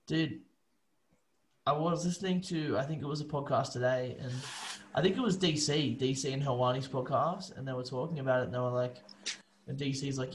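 An Australian man co-hosting a podcast, loose and excitable, swearing a lot, talking over a remote call. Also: mid-range voice, fairly quick, a little hiss or hum, low-quality recording. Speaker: podcast co-host. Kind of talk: casual chat.

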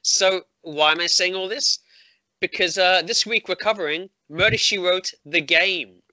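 Man, podcast host, high voice, very bright tone, dry close sound, playful. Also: a little slow, no echo. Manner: playful, mock-serious storytelling. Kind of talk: casual chat. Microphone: video call.

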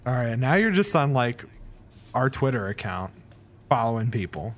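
A man's voice: medium pitch, sing-song, normal speed. Hesitant, dry male podcast co-host. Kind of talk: casual chat.

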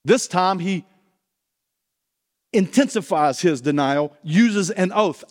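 A man's voice: sits high, lively intonation, slow pace, long pauses, a little mellow, big-room sound. A man preaching a sermon as pastor, earnest and asking his listeners pointed questions.

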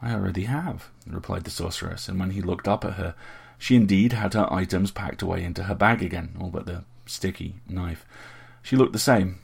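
A man narrating a fantasy story aloud in a steady, measured way. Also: low voice, creaky, breathy edge. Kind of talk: audiobook narration.

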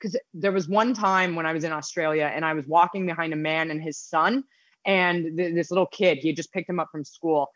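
Profane animated American woman, dull sound. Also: low voice, fairly quick, dry recording. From United States. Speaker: podcast guest. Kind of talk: casual storytelling chat. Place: apartment in London.

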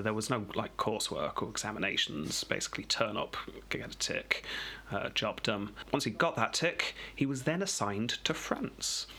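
English male podcast host, slightly low and husky, joking storyteller. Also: bright, forceful tone. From England. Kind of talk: casual history chat.

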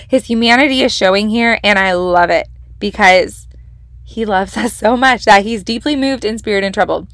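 A woman's voice: medium pitch, normal speed, fairly bright tone, dry recording, studio quality. A young woman hosting a devotional podcast, teaching from the Bible in a casual, enthusiastic, emphatic way. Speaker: podcast host leading a devotional.

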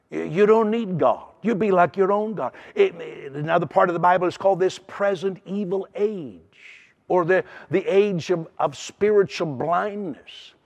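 Gravelly-voiced male preacher. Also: sits high. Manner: earnest, with frequent restarts and repeated words. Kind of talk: sermon.

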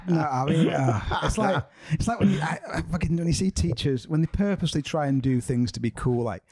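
A man's voice: a little high, brisk, darkish tone. A man with a Mancunian accent, a comedian guest in casual podcast chat, who swears freely and tells jokes with acted voices.

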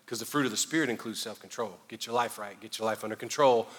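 Middle-aged Southern pastor, lively joking sermon delivery, bright voice echoing through a church. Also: male voice, on the low side, fast. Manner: animated, joking preacher, swings loud and quiet. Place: church sanctuary. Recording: long hall reverb.

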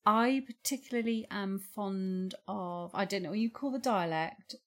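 A woman's voice: medium pitch, unhurried, fairly bright tone. A woman co-hosting a podcast in casual chat, giggly and playful. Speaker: podcast co-host.

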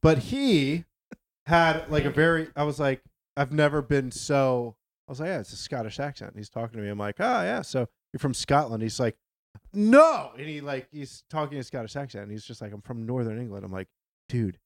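A man's voice: medium pitch, a little fast. A man hosting a podcast, telling a story in a joking, casual way. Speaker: podcast host. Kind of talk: casual chat.

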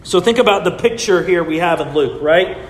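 A man's voice: sits high, animated, a little fast, long reverb tail. A man preaching a sermon to his church in a conversational way, often checking in with his listeners. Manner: conversational preaching with frequent "right?" asides. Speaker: pastor. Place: church sanctuary.

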